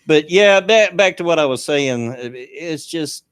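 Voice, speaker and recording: A man's voice: a little high, lively intonation, unhurried, clear, resonant tone, no echo, clean studio sound. An older man with a Southern US accent, hosting a casual talk show, stammering and laughing as he rambles. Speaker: podcast host. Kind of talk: casual chat.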